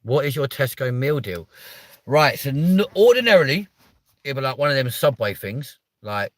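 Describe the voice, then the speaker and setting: A British man in his thirties hosts a livestream, chatting casually with viewers and reading out their comments. His mid-range voice is sing-song at a normal pace, with no room sound, and he's playful and mock-offended, swearing casually.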